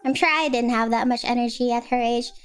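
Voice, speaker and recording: A woman's voice: fairly high pitch, steady tone, fairly quick, clear, resonant tone, soft background music. A young woman streamer in casual chat, telling a rambling story full of fillers.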